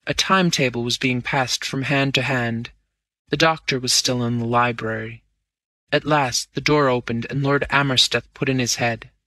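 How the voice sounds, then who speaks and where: A man reading a classic story aloud in measured first-person narration. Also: mid-range voice, steady tone, bright, forceful tone, no echo. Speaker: audiobook narrator.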